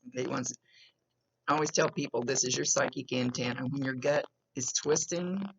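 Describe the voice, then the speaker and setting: A woman's voice: extremely low pitch, moderate pace, gravelly, noisy background. A woman working as a psychic medium, talking casually and rambling to a client as she gives a reading, with a smoker's cough. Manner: chatty, rambling, stops and restarts. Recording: dull lo-fi recording.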